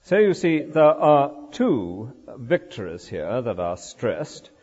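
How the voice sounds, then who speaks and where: An older man delivers an expository sermon, his pitch rising and falling with animated emphasis. His voice rings with a long church reverb, and the recording sounds dull and lo-fi. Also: slow pace, slightly rough. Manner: lively expository preaching, rhetorical asides. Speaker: preacher.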